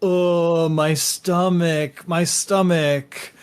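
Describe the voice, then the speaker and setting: A man voicing a seasick young woman performer who whines in a high voice. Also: expressive, takes it slowly, a bit bright, full character voice. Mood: queasy.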